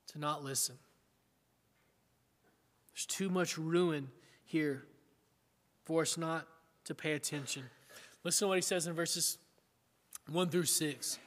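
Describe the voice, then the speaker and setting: A man's voice: on the high side, a bit bright. A middle-aged man preaching a sermon in an earnest, conversational way, often asking his listeners questions. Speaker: pastor. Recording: long hall reverb.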